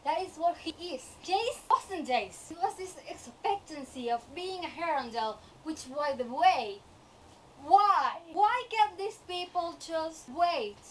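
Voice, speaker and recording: A young woman vlogger in a casual, animated rant about a TV show, exasperated and often laughing. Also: very high-pitched, measured pace, recorded from a distance, a little hiss or hum, low-quality recording.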